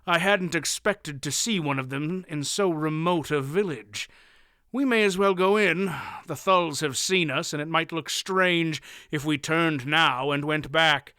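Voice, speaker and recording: A man's voice: fairly high pitch, measured pace, clean tone, no room sound, studio quality. Audiobook: a man voicing a shrewd old man posing as a doddering, wheezy fool. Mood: guarded. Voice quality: wheezy, cracking cackle. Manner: quiet and terse, then doddering. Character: old male storyteller feigning feeble senility.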